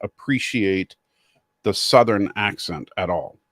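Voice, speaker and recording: A man's voice: lowish voice, expressive, a bit bright, no room sound, clean studio sound. A middle-aged American man chatting casually on a video call, often restarting his sentences. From United States. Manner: halting, with repeated restarts. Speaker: guest streamer.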